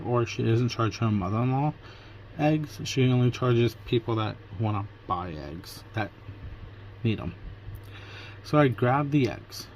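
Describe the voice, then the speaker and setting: A man from Pennsylvania, USA, vlogs casually about his day, retelling it through quoted back-and-forth conversations. His voice is on the low side, with slight background noise.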